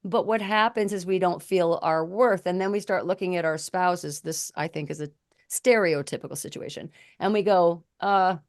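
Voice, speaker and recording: A woman's voice: on the low side, normal speed. A woman in her forties or fifties co-hosting a talk show, speaking frankly and telling personal stories. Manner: frank, storytelling with acted-out quotes. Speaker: podcast co-host, communication expert. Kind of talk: casual conversation.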